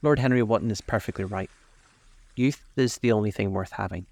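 Man doing anguished vain young man, storybook reading, pleading, raised gravelly voice. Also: fairly low pitch, fairly quick, darkish tone, dry recording, lightly acted. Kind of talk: audiobook character voice.

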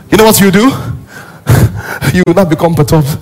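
A male pastor with a Nigerian accent preaching a sermon emphatically, rising into shouts and sing-song. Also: fairly high pitch, animated, normal speed, faint music behind.

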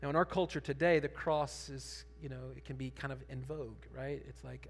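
A man pastor preaching a sermon, conversational at times and building to emphatic, animated preaching. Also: mid-range voice, fast, few pauses, a little hiss or hum.

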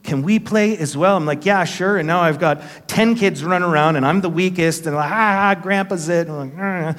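A man's voice: on the high side, brisk. A man in his fifties, a pastor preaching a sermon in a church, telling a personal story and acting out the voices in it with earnest conviction. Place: church sanctuary. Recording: long hall reverb.

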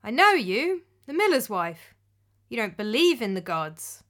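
A woman's voice: a little high, very animated, a little slow, fairly bright tone. A woman voicing a shrewd middle-aged witch who speaks in a dry, knowing, matter-of-fact way with a surprisingly normal voice.

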